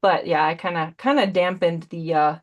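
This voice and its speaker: Chatty 40s woman doing a paint demo on a video call, kinda low voice, rambly w/ puns. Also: fairly even intonation, moderate pace, lo-fi sound. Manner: chatty and warm, rambling with punny asides. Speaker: brand ambassador demonstrating paints. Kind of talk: live painting demo with casual chat.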